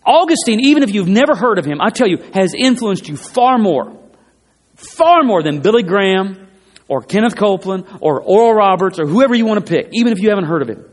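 A man's voice: sits high, animated, fairly quick. A man preaching a sermon in an emphatic way, repeating his phrases for stress, in a church. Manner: emphatic, repeats phrases, rising and falling delivery. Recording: long hall reverb.

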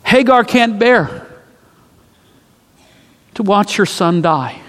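A preacher delivers his sermon as dramatic storytelling, repeating phrases for emphasis in an expressive, slightly bright voice. He speaks slowly, pitched high for a man, and a large hall's long reverb lingers after every line.

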